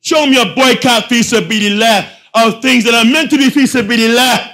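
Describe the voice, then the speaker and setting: A man preaching a Friday sermon, swinging from soft asides to shouted rhetorical questions with slangy phrasing. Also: very high-pitched, steady tone, fairly quick. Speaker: imam.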